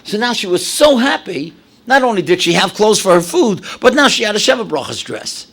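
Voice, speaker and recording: A man in his seventies from New York, a rabbi telling stories in a dramatic, animated lecture. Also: sits high, fairly quick, gravelly. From New York, USA. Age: 70s. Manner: animated, dramatic storyteller with sudden drops and exclamations. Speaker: rabbi, speaker. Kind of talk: storytelling lecture to an audience.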